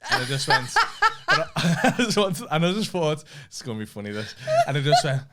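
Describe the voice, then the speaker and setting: A man's voice: on the high side, wildly swooping pitch, fast talker, very noisy. Laughing, swearing man. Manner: swears freely, tells stories with lots of laughing. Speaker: podcast co-host. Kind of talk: casual chat.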